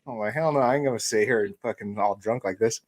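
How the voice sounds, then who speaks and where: Laid-back, low-voiced young man from Denver. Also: quick pace, over a noisy crowd. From Denver, USA. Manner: laid-back, profane, laughs at his own stories. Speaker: podcast co-host. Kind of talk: casual storytelling chat.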